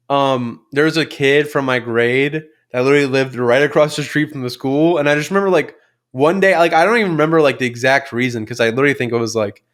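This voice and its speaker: Medium-pitched and a bit bright, this young podcast co-host rambles casually through childhood stories. He leans on fillers and swears freely.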